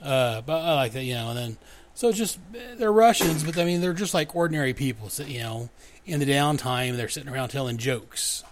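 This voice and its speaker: A man hosting a comic book podcast, recapping the pages in a loose, casual way. He often reads the characters' lines aloud in different voices and breaks into chuckles. His voice sits at an ordinary mid pitch. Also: expressive, fairly quick, slight background noise.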